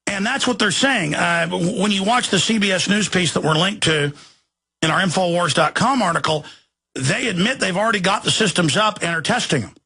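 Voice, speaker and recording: A middle-aged man hosting a talk radio show, ranting angrily, often shouting and turning sarcastic. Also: sits high, a little fast, breathy edge. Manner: angry, shouting rants with sarcastic asides.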